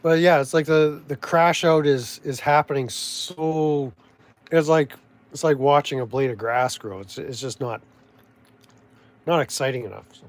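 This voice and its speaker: A man's voice: on the high side, a little slow. Rambling sardonic Canadian man. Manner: meandering, sardonic, full of restarts and trailing thoughts. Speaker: vlogger. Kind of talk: rambling casual commentary.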